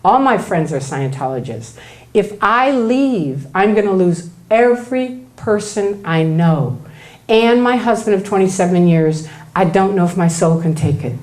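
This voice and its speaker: A middle-aged woman stands before an audience and tells her own story. She talks in a mid-pitched voice and acts out the people she quotes. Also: unhurried. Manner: animated storytelling, acting out quoted dialogue. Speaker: speaker at a talk. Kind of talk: personal story told to an audience. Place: event room before an audience.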